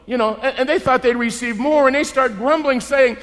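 A middle-aged man delivering a sermon with a high, lively voice that swoops around as he acts out the people in his story. His voice rings out with the long reverb of a large hall. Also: a little fast, hardly any pauses. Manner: animated, acts out characters in the story. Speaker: preacher.

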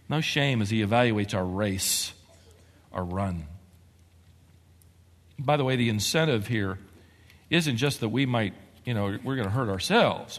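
A man preaching a sermon as a pastor, talking with animated emphasis that climbs to excitement. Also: fairly low pitch, unhurried, long pauses, big-room sound.

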